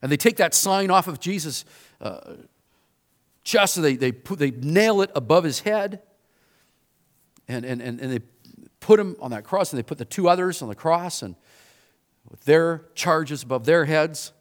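Male preacher, sermon, animated storytelling, fairly high voice, lively pitch. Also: normal speed, long pauses. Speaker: pastor.

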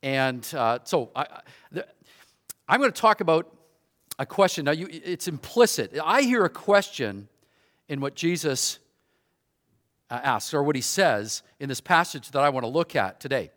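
Middle-aged man, guest preacher, fairly high voice, relaxed storytelling sermon with fillers and restarts. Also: moderate pace. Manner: conversational, loose storytelling with many restarts and fillers.

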